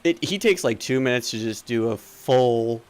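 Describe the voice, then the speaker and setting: A man's voice: mid-range voice, animated, normal speed. A young man narrating as game master in a tabletop game, rambling with lots of fillers.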